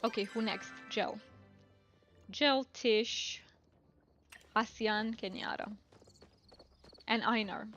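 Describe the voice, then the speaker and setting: A woman's voice: fairly high pitch, takes it slowly, pauses often, a bit bright, faint music behind. A woman streaming a game, chatting casually and musing aloud to her viewers. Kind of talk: casual gameplay commentary.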